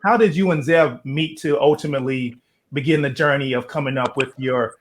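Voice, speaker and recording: Male talk show host, mid-pitched, reflective and earnest, faint noise in the background. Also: a little fast. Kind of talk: interview.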